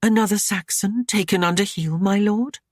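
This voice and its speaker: A woman's voice: medium pitch, no room sound, studio quality, voice pushed up, lightly acted. A man reading an audiobook, voicing a proud and defiant young Saxon noblewoman in a raised, pointed voice. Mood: wry teasing. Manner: teasing, pointed, quick to worry.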